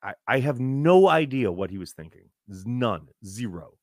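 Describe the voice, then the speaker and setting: A man's voice: mid-range voice, big pitch swings, a little slow, darkish tone, no room sound, studio quality. A man hosting a fan podcast, exasperated and swearing freely as he rants and reads viewer messages. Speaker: podcast host. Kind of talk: live fan podcast rant.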